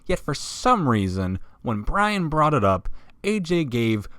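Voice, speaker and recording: A man hosting a wrestling countdown video, narrating from a script with sarcasm and swearing and sudden loud emphasis. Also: mid-range voice, very animated, slow pace, dry recording, studio quality. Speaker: wrestling list video host.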